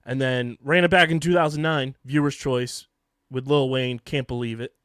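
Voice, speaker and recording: A man co-hosting a casual sports and music podcast, reeling off facts in a steady list. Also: mid-range voice, moderate pace, clear, resonant tone, no room sound, clean studio sound. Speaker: podcast co-host.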